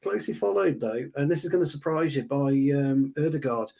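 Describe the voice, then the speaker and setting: A man's voice: a little high, lively intonation, a little fast, gravelly, darkish tone. A man co-hosting a casual football podcast, hesitant and stumbling over repeated words. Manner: stammering restarts, hesitant. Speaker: podcast co-host.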